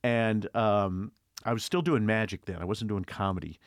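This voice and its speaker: An older male host chatting in an interview and telling animated stories about his early career. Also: fairly low pitch, normal speed, no room sound, studio quality. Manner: animated storyteller, mimics voices in anecdotes. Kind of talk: casual interview chat.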